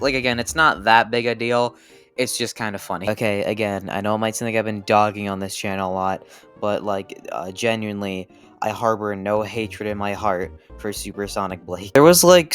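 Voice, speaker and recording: A man's voice: fairly low pitch, fairly bright tone. A man narrating a casual video essay, swearing often and stumbling over repeated restarts. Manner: profane, rambling, stammering restarts.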